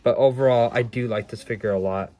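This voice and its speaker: At home, a toy reviewer casually shows off his action figures, rambling and stumbling over his words. His voice is medium-pitched, brisk, and warm.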